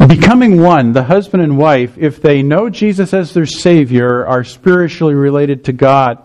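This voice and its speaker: A man's voice: fairly high pitch, expressive, moderate pace, darkish tone, poor audio. Man preaching an explanatory sermon. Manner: explanatory, checks in with listeners. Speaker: pastor.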